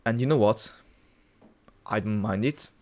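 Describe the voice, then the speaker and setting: Young guy, lowish voice, chatty profane rambler. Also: a little slow, darkish tone. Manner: rambling, profane, many restarts and fillers. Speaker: cooking vlogger. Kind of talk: casual storytelling monologue.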